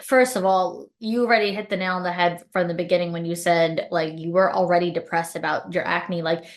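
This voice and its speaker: A woman's voice: on the low side, steady tone, brisk. Casual young woman podcast host. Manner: casual, heavy "like" filler. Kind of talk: casual interview chat.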